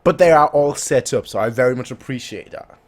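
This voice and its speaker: A man's voice: medium pitch, brisk. A man hosting a reaction video, giving casual commentary and often stammering and restarting his sentences.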